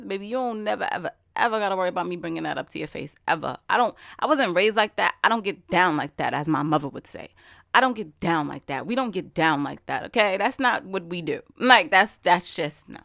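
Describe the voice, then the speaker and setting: A woman hosting a solo podcast, talking straight into the mic in an emphatic, conversational way. She fires off rhetorical questions in easy slang, and her voice sits at a middle pitch. The sound is dry and close, with no room around it. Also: lively intonation, fast talker, gravelly, fairly bright tone, no room sound. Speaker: podcast host. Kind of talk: casual solo podcast monologue.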